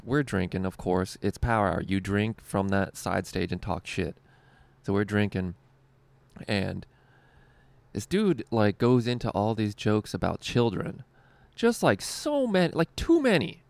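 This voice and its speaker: A man's voice: lowish voice, big pitch swings, unhurried, vocal fry, no room sound. A young man, a stand-up comedian, telling a rambling, profane story with frequent "like" and laughter. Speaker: stand-up comedian and show co-host. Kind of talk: casual storytelling.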